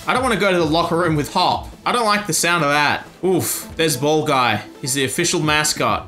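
A man's voice: on the high side, expressive, a little fast, few pauses, bright, forceful tone, soft background music. A man giving crude, joking let's-play commentary over a video game. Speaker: YouTube gamer.

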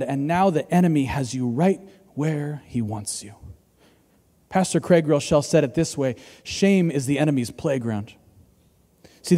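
Man pastor preaching, high-ish mellow voice, goes loud then hushed, echoey church hall. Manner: dynamic, swings from loud to hushed. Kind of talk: sermon. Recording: church hall with long reverb.

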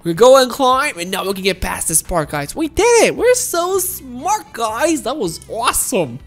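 A woman giving excited gameplay commentary to her viewers, exclaiming and laughing often. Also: fairly high pitch, normal speed. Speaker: gaming video host.

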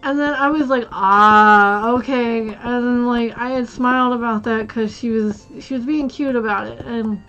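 A woman's voice: on the high side, fairly even intonation, normal speed, few pauses, dull audio. A woman streamer telling a work story in casual chat, rambling with lots of fillers and restarts.

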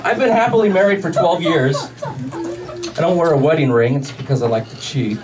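A man doing a stand-up comedy set, delivering deadpan one-liners with pauses for laughs. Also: on the high side. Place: comedy club stage with a laughing audience. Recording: distant club recording with loud crowd noise.

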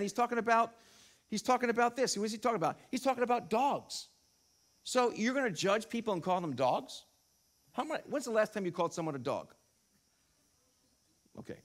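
High-voiced animated preaching man. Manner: animated, rising to emphatic peaks, rhetorical questions. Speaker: pastor. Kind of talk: sermon. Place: church sanctuary.

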